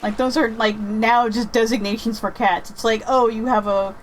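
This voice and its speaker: A woman chatting casually while playing a game, rambling and thinking out loud with many restarts. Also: fairly high pitch, fairly even intonation, normal speed, a little hiss or hum, poor audio. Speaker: gaming streamer chatting with viewers. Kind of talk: casual chat over gameplay.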